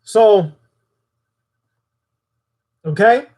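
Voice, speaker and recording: A man's voice: high voice, expressive, very slow, darkish tone. A man giving a spoken occult lesson, preaching and putting questions to his audience. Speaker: occult teacher.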